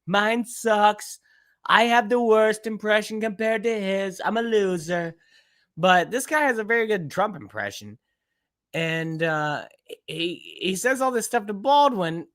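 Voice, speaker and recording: A male podcast host reacts to a clip in casual, profane rants. His pitch swings up and down a lot as he gets worked up. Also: a little slow. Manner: ranting, profane, animated.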